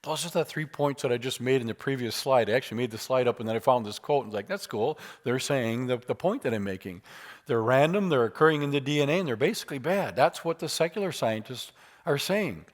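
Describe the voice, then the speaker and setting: A man at a church teaching apologetics with emphasis and easy humor. His voice sits at an ordinary middle pitch, and he leans hard on the words he wants the room to remember. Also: animated, fast. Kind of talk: lively church lecture.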